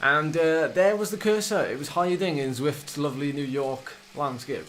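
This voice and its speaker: A man's voice: a little high, moderate pace, a bit bright, slight background noise. Flustered man on a live stream. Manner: flustered, fumbling, self-mocking. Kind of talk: casual chat while setting up a stream.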